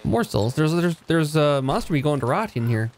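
A man's voice: a little high, lively intonation, normal speed, slight background noise. A man co-hosting a let's play, chatting casually with dry jokes. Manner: dry, joking. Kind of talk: casual gaming chat.

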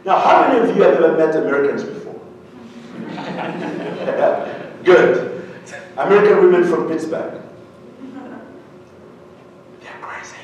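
A man from Uganda telling a humorous, animated story to an audience, often asking them questions. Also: on the high side, a little slow, long pauses, highs cut off, noisy background. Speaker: speaker. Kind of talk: storytelling keynote talk. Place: large hall with an audience. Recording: very echoey hall, heard from a distance.

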